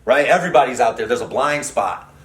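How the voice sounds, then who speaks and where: A middle-aged man, a guest comedian, telling a prison story in a casual, animated, profane way, full of fillers and restarts, in a podcast studio. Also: mid-range voice, brisk, reverberant, crowd noise.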